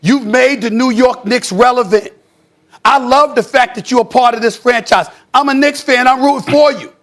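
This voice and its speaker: A male sports commentator in a heated studio debate, ranting emphatically and often shouting. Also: very high voice, normal speed.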